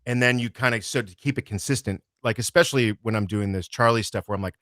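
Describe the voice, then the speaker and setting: Male audiobook narrator, podcast guest; low voice, dry close sound, loose rambling delivery. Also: fast, dry recording. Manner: relaxed, rambling, swears freely. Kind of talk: casual podcast chat.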